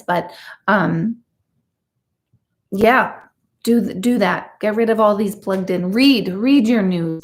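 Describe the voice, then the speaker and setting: A middle-aged woman hosting a live chat stream, talking casually to her viewers and slipping into quick mock voices. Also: mid-range voice. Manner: chatty and animated, does quick mock voices. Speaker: host of a live chat show.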